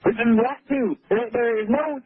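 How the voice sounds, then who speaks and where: A man's voice: very high voice, moderate pace, slightly rough, no echo. A male radio caller ranting indignantly, accusing and stumbling over his words, heard over a telephone line. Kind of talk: call-in radio rant. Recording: tinny phone line on radio.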